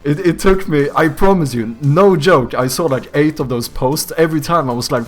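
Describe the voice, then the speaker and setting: Streaming from home over soft background music, a young streamer and game developer talks at normal speed in a slightly high voice. He casually reads out his viewers' chat and responds, cursing liberally and frequently cracking up.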